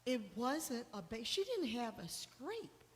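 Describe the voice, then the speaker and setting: A woman's voice: fairly high pitch, sing-song, slow. A middle-aged woman sharing a personal testimony with a church congregation, telling an emotional story with rising intensity when she quotes herself. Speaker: guest speaker sharing testimony. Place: church hall. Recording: long hall reverb.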